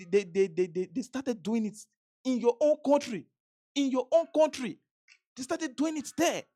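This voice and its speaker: Nigerian woman vlogger, high husky voice, emphatic rant with faint music under it. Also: darkish tone. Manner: emphatic, repetitive, stammering restarts. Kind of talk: impassioned political commentary.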